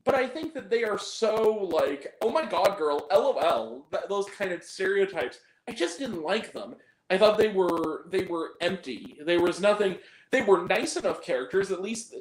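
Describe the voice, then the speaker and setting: A man's voice: high-pitched, lively intonation, normal speed, roomy sound, poor audio. A man giving a casual spoken film review, ranting and swearing in exasperation. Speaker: movie reviewer.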